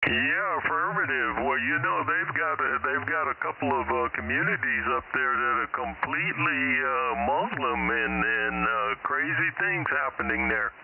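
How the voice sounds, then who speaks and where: A man's voice: medium pitch, moderate pace, gravelly, few pauses. A man on a ham radio net, chatting casually and hesitating often. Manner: hesitant, many ums and uhs. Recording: tinny radio with hiss.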